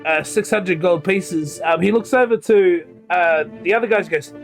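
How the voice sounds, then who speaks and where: A man narrating a tabletop game as game master, often halting with fillers. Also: sits high, faint music behind.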